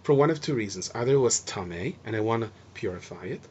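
A man explaining Mishnah to students, lively and acting out the lines he quotes. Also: lowish voice, quick pace, a little hiss or hum. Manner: animated, acts out shouting and gentle speech. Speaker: Torah teacher. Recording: dull lo-fi recording.

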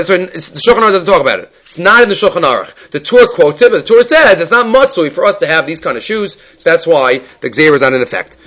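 A man leads a daily Talmud class in a lively, questioning manner. His voice sits a little high for a man. He often mixes Hebrew terms into his talk. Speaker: Talmud teacher.

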